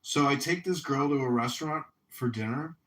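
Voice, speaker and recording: A young man with a slightly high voice, speaking at normal speed, is a mayoral candidate chatting casually. He tells stories animatedly, loudly acting out other people's lines.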